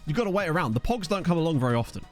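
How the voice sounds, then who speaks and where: A young man streams a football management game, chatting with viewers and reading their messages in a rambling, self-mocking way, laughing often. His voice is on the high side with big pitch swings and a rapid-fire delivery. Soft music plays in the background, picked up by a desktop USB mic.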